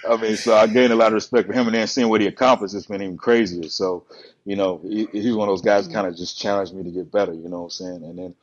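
A man who is a bodybuilder and podcast guest, telling stories in a relaxed, rambling way and acting out the quotes. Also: on the low side, fast talker. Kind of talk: casual storytelling on a podcast. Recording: muffled lo-fi podcast audio.

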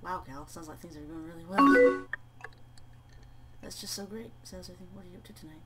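A woman's voice: on the low side, a little fast. A woman reading a game's chat messages aloud and reacting live, swearing and laughing between lines. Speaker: let's play gamer. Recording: loud game music behind, mic at a distance.

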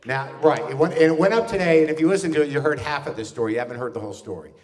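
A man, a comedian, telling a long story on a theater stage in front of a live audience, quickly slipping into voices of the people in it. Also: on the high side. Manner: animated, does quick voices of people in his stories. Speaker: guest comedian. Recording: distant stage mic.

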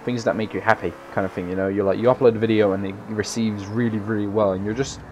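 A tired young man giving casual, rambling gameplay commentary, swearing freely with loud bursts of excitement. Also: lowish voice, quick pace, slight background noise. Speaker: gaming YouTuber.

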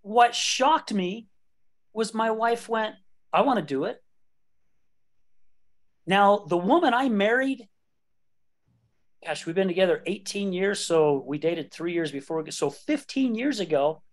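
A man's voice: high voice, expressive, unhurried. A man in his late fifties hosting a podcast, talking candidly and joking, laughing often. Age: late 50s. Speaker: podcast host. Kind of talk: casual conversation.

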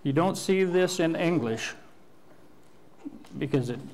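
Slow-speaking older male pastor preaching. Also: a little high, expressive, background noise. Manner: slow, deliberate teaching with pauses and restarts. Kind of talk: sermon. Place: church sanctuary.

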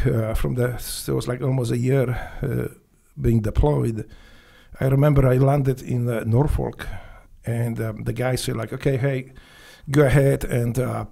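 A man with a Polish accent, speaking as a podcast guest and telling animated, profane stories in English that is not his first language. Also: mid-range voice, vocal fry. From Poland. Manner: profane, animated storytelling with non-native grammar. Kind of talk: casual storytelling.

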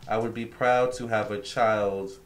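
A man quoting a proud young woman's spirit in his own low voice, slow and emphatic. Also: steady tone, lightly acted. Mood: firm.

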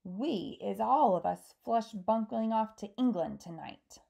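Greedy, boastful man-eating giants shouting and gloating in broken grammar, as a woman reading aloud puts them on. The voice is loud and gravelly, with a dark tone. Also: medium pitch, expressive, unhurried.

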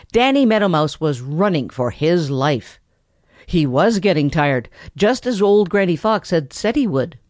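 A narrator reading a classic children's animal story aloud in a lively, expressive manner. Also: medium pitch, no room sound, clean studio sound. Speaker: audiobook narrator.

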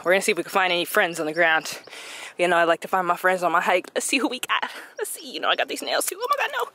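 A woman's voice: on the low side, very animated, rapid-fire, bright, forceful tone. A young woman vlogging a hike on a mountain trail outdoors, bubbly and playful, a little out of breath, talking into a handheld camera. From United States. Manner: bubbly, playful, laughs often. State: out of breath from hiking. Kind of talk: casual vlog narration.

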